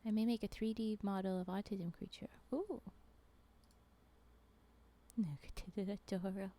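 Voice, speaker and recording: A woman streamer talks casually into a desk microphone while she plays a game, with mouse clicks behind her. Her voice is mellow and warm, at a middling pitch. She is playful and laughs a lot, then slips into soft muttering when she focuses. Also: fairly even intonation, measured pace. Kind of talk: casual chat while gaming.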